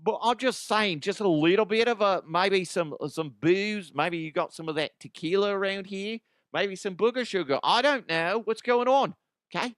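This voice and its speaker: A man voicing a boozy, excitable party guy with an Australian accent. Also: normal speed, dry recording, studio quality. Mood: rowdy. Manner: high, excitable, rambling.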